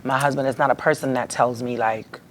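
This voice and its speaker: A woman's voice: a bass voice, steady tone, brisk, slight background noise. A woman guest on a podcast, telling a heartfelt personal story with emotion, her voice rising when she is upset.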